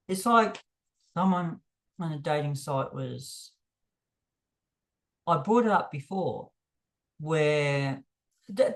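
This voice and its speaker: Man vlogging off the cuff; frank, emphatic, pitch leaps up when heated. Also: vocal fry. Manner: emphatic, voice jumps higher when worked up; frank, blunt, self-deprecating. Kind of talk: unscripted monologue to camera.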